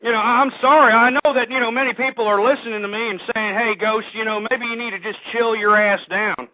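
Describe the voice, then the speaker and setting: A male talk radio host ranting through a monologue, swinging between shouting and weary sighs. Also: high voice, steady tone, brisk, no room sound. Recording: dry tinny phone-line audio.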